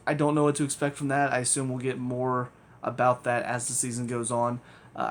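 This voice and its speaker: A man's voice: medium pitch, a little hiss or hum. A man giving a casual spoken TV review, rambling and hedging with frequent ums and restarts.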